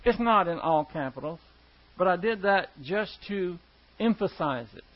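A man with a high voice teaches a Bible passage word by word. He talks in an easy, conversational way and leans hard on key words. The recording sounds dull and lo-fi. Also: lively intonation, normal speed. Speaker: preacher.

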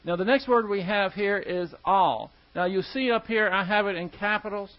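High-voiced man teaching a Bible lesson. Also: normal speed. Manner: conversational, emphatic, repeats key words. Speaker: preacher. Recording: dull lo-fi recording.

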